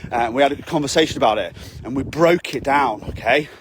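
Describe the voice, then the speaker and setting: A man's voice: mid-range voice, fairly quick, a little hiss or hum. A man, a fitness coach, giving a blunt, sweary motivational talk to his camera while out walking, often asking "okay?". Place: outdoors on a walk.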